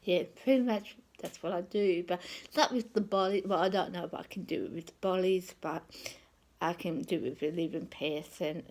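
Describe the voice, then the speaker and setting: Low, gravelly-voiced woman rambling casually. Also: moderate pace, darkish tone, low-quality recording. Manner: rambling and conversational, often trailing off with "kind of thing". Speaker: psychic. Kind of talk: personal storytelling monologue.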